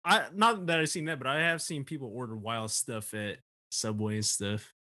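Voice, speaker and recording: A man's voice: medium pitch, steady tone, normal speed, pushed and bright. Easygoing male podcast co-host. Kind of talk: casual chat.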